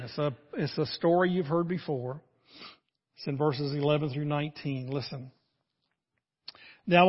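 Older male pastor, sermon, animated storyteller, slightly high voice, dull muffled sound. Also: in a large hall. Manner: animated storytelling preacher, acting out scripture voices.

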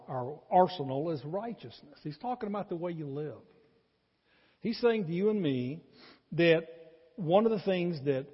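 A man's voice: fairly high pitch, breathy edge. A man preaching a sermon as pastor, earnest and emphatic, with rising bursts of intensity. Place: church sanctuary. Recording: muffled church recording with long reverb.

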